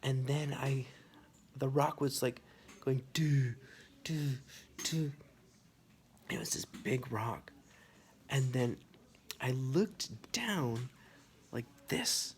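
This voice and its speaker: A man telling a personal anecdote, animated and full of sound effects and casual asides. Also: mid-range voice, slow, pauses often, slight background noise. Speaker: storyteller. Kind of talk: personal anecdote told to camera.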